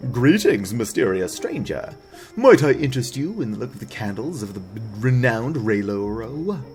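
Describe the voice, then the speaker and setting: A man voicing a showy, scheming male candle merchant in a game, with a put-on foreign accent and a slow, grand delivery. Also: medium pitch, very animated, darkish tone, faint music behind. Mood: grandiose. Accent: vague put-on foreign accent.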